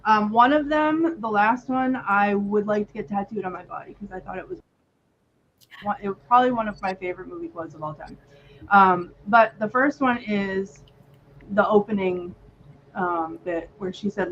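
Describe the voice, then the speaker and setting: A woman's voice: mid-range voice, moderate pace, a bit bright. A woman co-hosting a casual chat, gushing and rambling with many "um"s. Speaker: podcast co-host. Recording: slightly muffled with faint noise.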